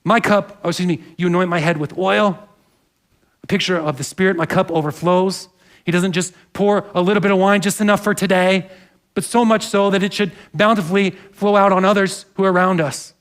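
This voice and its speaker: High-voiced man preaching a sermon. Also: fairly even intonation, fairly quick. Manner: earnest, conversational preaching with asides to the congregation. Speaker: pastor. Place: church sanctuary.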